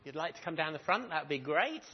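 During a church service, a minister gives a children's talk, animatedly telling a story and quizzing the kids. His voice is fairly high and fast, on a muffled recording with slight background noise.

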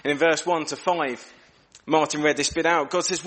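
A man delivers a sermon in a fairly high voice. He acts out rhetorical questions with animated pitch swings, then drops low and quiet for serious points. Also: a little fast. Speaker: preacher.

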